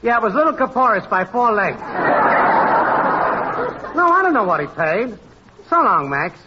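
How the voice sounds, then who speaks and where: A man's voice: high voice, sing-song, moderate pace, over a noisy crowd, very noisy. An actor playing a brash, stubborn male network technician in 1940s radio comedy, wisecracking and calling out in a singsong. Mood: cocky. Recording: dull old radio broadcast recording.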